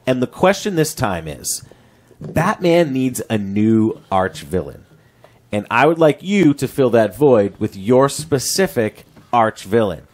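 A man hosting a comedy game show in a mock-official, deadpan manner. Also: mid-range voice, a little slow, some chatter behind, slight background noise.

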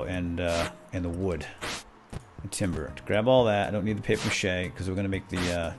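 A man giving excitable, chatty gameplay commentary, talking back to game characters as he plays. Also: fairly low pitch. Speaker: let's play host.

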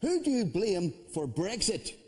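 A man's voice: high-pitched, measured pace. A man hosting a comedy panel show, reading a teasing comic monologue with punchlines. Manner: lively, teasing delivery with punchlines.

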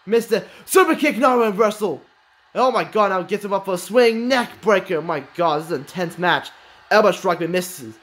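A man with a light lilt giving excited play-by-play commentary on a wrestling video game, exclaiming and swearing often. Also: sits high, brisk.

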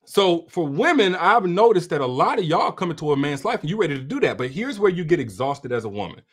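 On a livestream, a man coaches women about relationships, talking to his viewers like a preachy, direct big brother who repeats phrases for emphasis. His voice is a little high and sing-song, with a breathy edge, and he talks fast.

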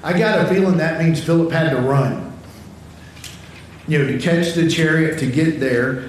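A man's voice: fairly high pitch, a little hiss or hum. A man preaching a sermon in a conversational, storytelling way, often repeating words as he starts a thought, recorded in a church hall. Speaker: pastor. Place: church sanctuary. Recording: very echoey church hall, from far off.

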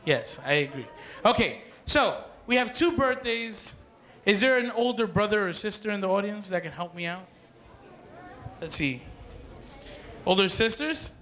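Bright-voiced joking party magician man. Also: high voice, expressive, unhurried, long pauses. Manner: playful, joking, calls to the crowd. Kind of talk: live party magic show patter. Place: party hall with dance floor.

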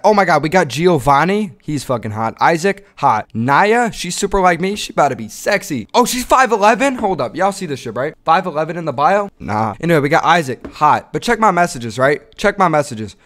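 A young man giving casual vlog commentary with crude, slang-heavy banter that breaks into excited yelling. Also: a little high, a little fast, few pauses. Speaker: content creator.

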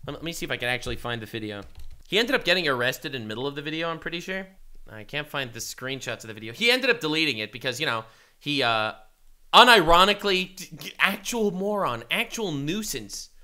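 A man co-hosting a casual video-reaction chat, ranting with animated outbursts and swearing. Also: fairly high pitch.

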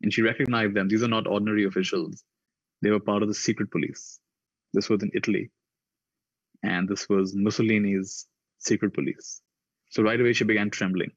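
A man with a low voice tells reflective stories to a conference audience. He lifts his pitch to act out the people in his stories. The recording is dry and a little dull. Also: steady tone, moderate pace, long pauses, no echo. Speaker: conference speaker. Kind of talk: reflective storytelling talk.

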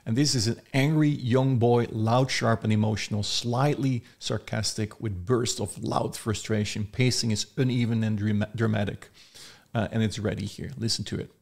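A man reviews software, walking through it step by step. He sounds excited and speaks at mid pitch, with a slightly gravelly edge to his voice. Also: normal speed. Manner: enthusiastic, demonstrating step by step. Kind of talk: screen-recorded product review.

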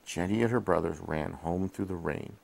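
A man reading a bedtime story to his child while in bed, gently asking questions along the way, recorded on a head-mounted camera. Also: sits low, moderate pace, creaky. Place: in bed at home.

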